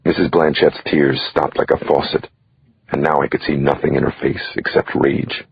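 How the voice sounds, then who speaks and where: Brief: deep, husky male audiobook reader, measured and dramatic, dry lo-fi sound. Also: level tone. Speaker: audiobook narrator. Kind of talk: scripted audiobook narration.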